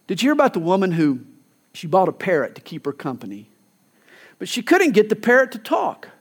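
A male pastor preaching a sermon, emphatic, telling stories and acting out quoted lines. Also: on the high side. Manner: emphatic, storytelling with acted quotes.

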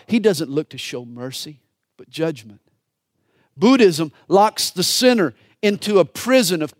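Man, high voice, sermon, dramatic preaching, hushed to fervent, dry close sound. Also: dry recording.

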